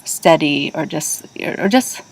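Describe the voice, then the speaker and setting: A woman with a lowish voice talks as an herbalist guest in a relaxed, casual conversation. She is agreeable and often murmurs her assent while others speak. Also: unhurried, poor audio. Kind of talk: casual chat.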